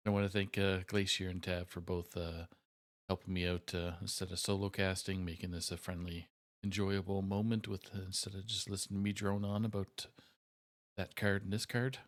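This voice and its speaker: Deep-voiced man hosting a stream sign-off. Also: flat delivery. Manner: halting, many filler pauses. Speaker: esports stream host. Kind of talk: casual live-stream sign-off.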